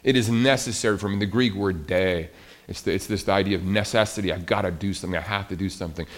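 A man preaching a sermon in a conversational, animated way, swinging between soft and loud. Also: low-pitched, fast. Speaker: pastor.

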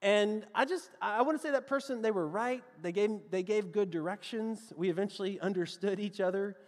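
A Southern-accented pastor tells a story from the pulpit, calling out to his congregation as friends. His voice sits a bit high for a man and keeps an animated, storytelling lilt. The sound rings with the long reverb of a large hall. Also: a little fast. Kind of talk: sermon with a personal story.

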